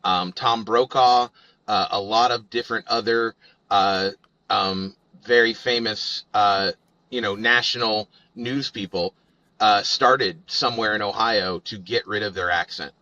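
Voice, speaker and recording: Man, slow halting speech, bright voice, dry dull sound. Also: fairly low pitch, fairly even intonation, dry recording. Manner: halting, many fillers. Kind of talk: casual chat.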